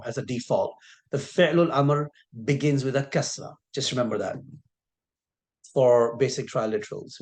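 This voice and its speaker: A man teaching a recorded lesson who patiently repeats key sounds and draws words out slowly for emphasis. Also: medium pitch. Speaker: Arabic teacher.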